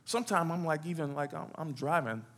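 A man's voice: on the high side, brisk, fairly bright tone. Preaching man, rousing the congregation. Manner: call-and-response preaching, asks the congregation questions. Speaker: pastor. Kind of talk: sermon. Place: church sanctuary.

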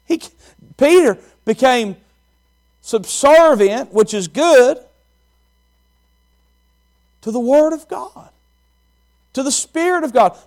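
A man preaching a sermon as pastor, repeating phrases and asking the congregation questions. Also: high voice.

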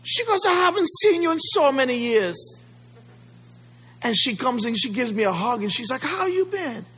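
A man imitating an excited older church lady with an island accent, gushing as she greets him. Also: quick pace, husky, in a large hall, heavily acted. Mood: delighted. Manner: gushing, exclaiming, high and fluttery.

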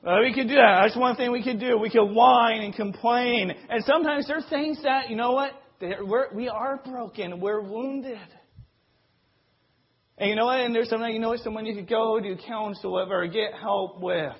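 Male preacher, high voice, husky, earnest sermon, keeps asking rhetorical questions. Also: moderate pace. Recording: dull lo-fi recording.

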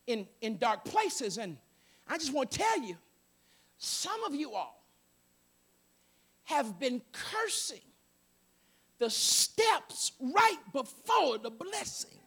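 A man's voice: very high voice, sing-song, takes it slowly, long pauses, fairly bright tone, breathy edge. A man preaching a sermon to a congregation, calling out to them and joking in asides. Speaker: pastor. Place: church sanctuary.

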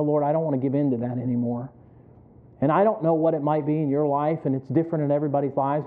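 A man preaching an earnest, conversational sermon to his congregation, asking rhetorical questions. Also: mid-range voice. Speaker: pastor. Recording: tinny phone-like sound.

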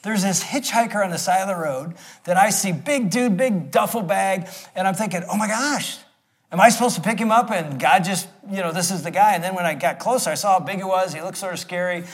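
A man in his sixties preaching through a personal story, acting it out with swings from loud to hushed. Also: sits high, a little fast, few pauses. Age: 60s. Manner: animated, acts out the scenes with swings between loud and hushed. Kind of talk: storytelling sermon.

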